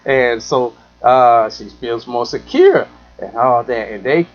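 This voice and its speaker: Animated man telling a story. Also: mid-range voice, slow, highs cut off. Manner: rambling, full of "you know", acts out the people in his stories. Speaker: talk show host. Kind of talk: casual storytelling monologue.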